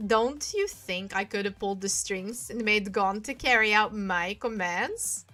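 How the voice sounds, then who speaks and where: A woman's voice: mid-range voice, measured pace, bright, forceful tone, faint music behind. A woman doing a smug sly game boy. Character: smug teenage boy liar, mocking and sly.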